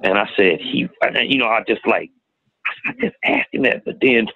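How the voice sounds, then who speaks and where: A middle-aged man telling a painful personal story in a plain-spoken, halting way, recorded with tinny phone-like sound. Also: on the low side, vocal fry, dry recording. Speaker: guest telling his story. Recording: tinny phone-like audio, dry.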